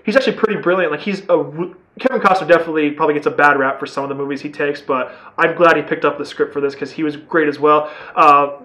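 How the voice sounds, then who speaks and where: A young man talks through a movie review in a quick, slightly high voice. He rambles enthusiastically, tripping over restarts and filling every pause with "uh" and "like". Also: steady tone, bright, forceful tone, rough recording. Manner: rambling, filler-heavy, enthusiastic. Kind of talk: casual video review.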